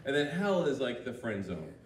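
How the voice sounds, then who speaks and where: A man's voice: mid-range voice, sing-song, normal speed, slight background noise. A man doing a crude, rambling stand-up comedy routine on a club stage, full of "like" fillers. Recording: roomy, distant mic in a club.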